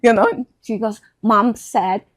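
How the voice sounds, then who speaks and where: A middle-aged woman recounts a personal story in a relaxed conversation. Her voice sits fairly high. She is animated and slips into the voices of the people she quotes. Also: measured pace. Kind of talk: storytelling in a casual chat.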